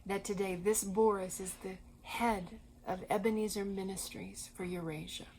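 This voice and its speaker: A woman co-hosting a Christian ministry program, telling inspiring stories in an earnest, animated way. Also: mid-range voice, moderate pace, slight background noise, low-quality recording. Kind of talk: storytelling conversation.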